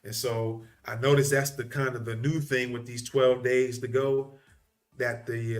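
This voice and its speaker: A man's voice: mid-range voice, flat delivery, unhurried. Casual man reacting on a live podcast. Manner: chatty, repetitive, thinking aloud. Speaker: podcast host.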